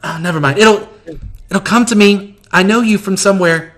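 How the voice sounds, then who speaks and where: A man putting on a flamboyant, gushing high-voiced magician. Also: moderate pace, close to an everyday voice. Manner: gushing, theatrical, repeats himself. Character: flamboyant fussy male magical shopper.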